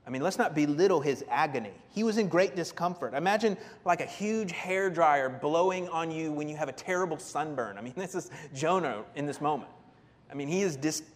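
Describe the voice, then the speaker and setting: A man preaching a sermon, animated, acting out the people in the story with big jumps in his voice. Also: in a large hall. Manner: animated, acts out voices of biblical figures with big pitch jumps.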